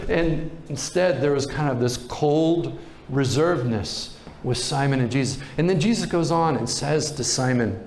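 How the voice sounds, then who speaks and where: A pastor preaching a sermon, retelling a story in a relaxed, conversational way. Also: male voice, mid-range voice, normal speed, echoey room, a little hiss or hum.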